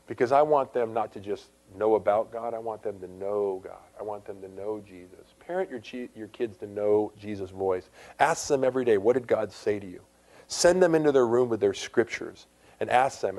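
A middle-aged pastor preaches quickly and conversationally in a fairly low voice, his sermon full of asides. At times he rises into loud, emphatic exhortation.

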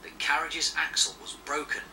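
A man narrating a children's storybook in an expressive, animated way. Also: a little high, moderate pace, recorded from a distance, a little hiss or hum, low-quality recording.

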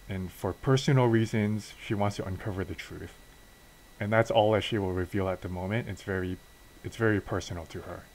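A man's voice: sits low, slight background noise, low-quality recording. A man casually narrating a wrestling game story as a let's play, with fillers and restarts.

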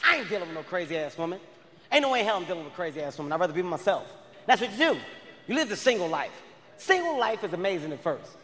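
High-voiced man yelling profane stand-up. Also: quick pace. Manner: loud, profane, animated storytelling. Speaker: stand-up comedian. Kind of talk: stand-up comedy set. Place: large theater stage. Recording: live stage mic with hall reverb.

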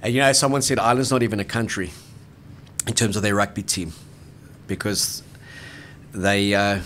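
A man co-hosting a rugby podcast in casual sports chat, emphatic and quick to laugh. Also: fairly low pitch, steady tone, fairly bright tone, slight background noise.

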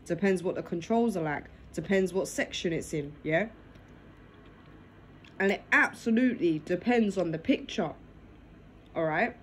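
A woman's voice: fairly low pitch, measured pace, long pauses, a little hiss or hum, poor audio. A woman vlogging casually to camera over dinner, filmed on a phone in her lap in her living room, tagging nearly every phrase with "yeah?". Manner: talks while eating dinner.

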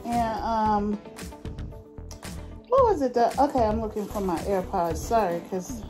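A woman from New Jersey vlogging in a casual, animated way, telling stories and playfully acting out conversations. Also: medium pitch, unhurried, over music, low-quality recording. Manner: chatty, animated storytelling with playful put-on voices. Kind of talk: casual vlog chat.

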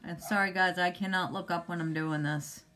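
A woman's voice: fairly low pitch, steady tone, normal speed, a bit bright, slight background noise. A middle-aged woman hosting a casual live makeup demo at home, chatting with viewers and answering them by name. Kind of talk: casual live-stream chat.

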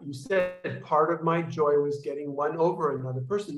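A man speaking with a slightly high voice on a video call, heard in an echoey room. He rambles through explanations, restarting sentences and acting out little sounds to make his points. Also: normal speed, dull audio, over music. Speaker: workshop leader. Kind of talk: casual teaching to an online group.

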